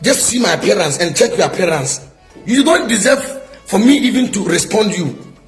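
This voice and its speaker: Scolding high-voiced Ghanaian preacher. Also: male voice, animated, moderate pace, soft background music. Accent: Ghanaian English. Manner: scolding, repetitive, rhetorical questions. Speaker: prophet. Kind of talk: heated video response.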